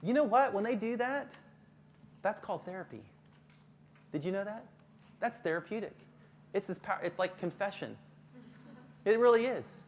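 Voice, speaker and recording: A man presenting a live workshop to teachers as a school counselor, lively, then dropping to a soft low voice for calm examples. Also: normal speed, pauses often, slight background noise.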